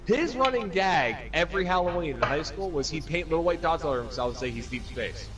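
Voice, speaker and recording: A young man telling a profane, animated bar story among friends, swearing constantly and acting out other people's voices. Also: on the high side, fast. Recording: distant mic with loud music behind. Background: music.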